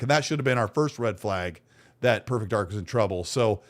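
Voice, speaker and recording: A man's voice: fairly low pitch, expressive, a little fast. A man hosting a podcast, chatting casually in a joking, offhand way and interrupting to deliver news. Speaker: podcast host. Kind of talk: casual chat.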